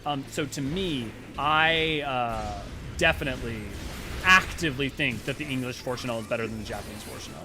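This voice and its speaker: A man's voice: mid-range voice, moderate pace, music in the background. A man streaming a game, rambling and joking casually while he plays and chats. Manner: animated, rambling, jokey. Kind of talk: casual let's-play commentary.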